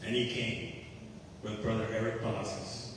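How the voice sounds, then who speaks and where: A man's voice: lowish voice, flat delivery, moderate pace. A man giving an earnest personal testimony at a church recovery meeting. He repeats key phrases and acts out the conversations he recalls. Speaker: testimony speaker at a faith-based recovery meeting. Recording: echoey hall, distant mic, faint hiss.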